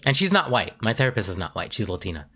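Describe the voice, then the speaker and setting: A man's voice: fairly low pitch, big pitch swings, quick pace, bright, forceful tone. A man streaming live in casual chat, rambling off on tangents and stammering through restarts with a dramatic, self-aware delivery.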